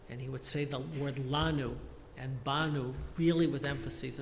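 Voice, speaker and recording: A man giving a measured, reflective funeral eulogy as a lay service leader in a large synagogue sanctuary. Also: on the high side, fairly even intonation, gravelly, slight background noise. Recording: echoey hall with long reverb.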